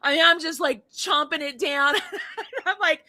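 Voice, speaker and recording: A middle-aged woman co-hosting a casual chat show, telling a story in an animated way, acting out the dialogue and laughing often. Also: high voice, normal speed, dry recording. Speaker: co-host.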